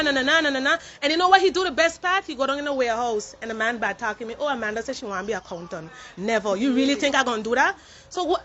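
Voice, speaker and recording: A woman's voice: high voice, sharp tone, lo-fi sound. A woman who works in a warehouse, protesting indignantly and emphatically and slipping into French mid-sentence. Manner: indignant, emphatic, mixing French into her English. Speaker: warehouse employee. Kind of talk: impassioned protest speech to camera.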